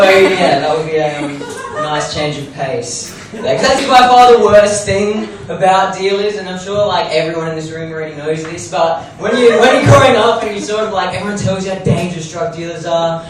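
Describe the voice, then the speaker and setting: A young man doing open mic stand-up comedy in a club, rambling and self-deprecating, swearing freely. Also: high voice. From Australia. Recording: roomy distant club recording, noisy.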